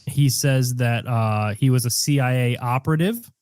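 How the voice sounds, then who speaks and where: A man's voice: medium pitch, a little mellow, no echo. Joking man on a dry podcast mic. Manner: joking, deliberately mispronounces names, many fillers. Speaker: podcast host. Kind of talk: casual chat.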